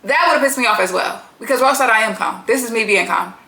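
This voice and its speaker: A bright, blunt woman recapping reality TV. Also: on the high side, fast, vocal fry, hardly any pauses, echoey room. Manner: blunt, profane, frequent laughter; chatty, slangy and animated. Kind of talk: casual reality TV recap commentary.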